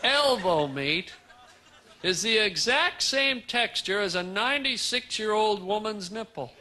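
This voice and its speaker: High-voiced man doing stand-up. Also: unhurried. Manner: animated, teasing the crowd, loud outbursts. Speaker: stand-up comedian. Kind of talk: stand-up comedy set. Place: comedy club stage. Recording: live club recording, audience laughter and noise.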